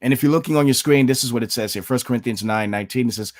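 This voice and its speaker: A man's voice: medium pitch, very fast, no echo. Blunt man doing reaction commentary. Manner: peppers talk with "okay?" and "you know", blunt and sarcastic; shifts into preaching when citing scripture. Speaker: online commentator.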